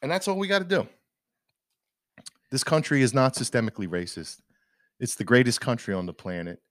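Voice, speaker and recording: A man's voice: medium pitch, very animated, brisk, dry recording, studio quality. A man co-hosting a casual podcast, ranting emphatically with frequent restarts. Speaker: podcast co-host. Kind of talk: casual opinion chat.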